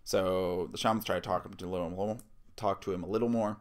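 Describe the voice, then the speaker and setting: A man's voice: low-pitched, fairly even intonation, fast talker. A man vlogging and casually telling a first-person story, rambling with lots of fillers and asides.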